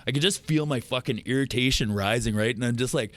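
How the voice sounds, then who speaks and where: A man, a podcast guest telling profane, animated stories in casual chat. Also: mid-range voice, fast. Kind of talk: casual storytelling.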